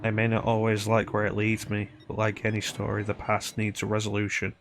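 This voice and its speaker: A man reciting a game character's lines in a deliberately flat, monotone voice. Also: fairly low pitch, faint music behind.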